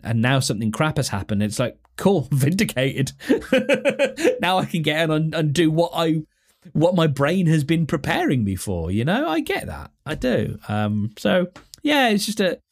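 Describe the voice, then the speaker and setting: Male podcast host, mid pitch, loose self-deprecating chat. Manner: rambling, self-deprecating, restarts and fillers. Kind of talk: casual solo podcast chat.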